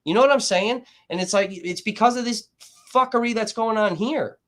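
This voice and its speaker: A man's voice: sits high, moderate pace. A man hosting a livestream, reacting to trial footage with heated, profane commentary and getting worked up as he talks to his chat. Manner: angry, swears constantly, gets worked up and loud.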